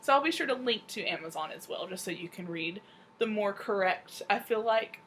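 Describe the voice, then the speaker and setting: Woman co-host, casual book chat, middle pitch, faint background noise. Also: lively intonation, normal speed, fairly bright tone. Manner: chatty, reads a synopsis aloud with stumbles. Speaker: podcast co-host.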